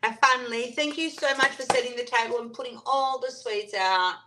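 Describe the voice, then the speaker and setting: A woman's voice: fairly high pitch, normal speed, noisy background. A woman hosting a live stream, chatting casually and reading out viewer comments and answering them. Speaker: livestream host.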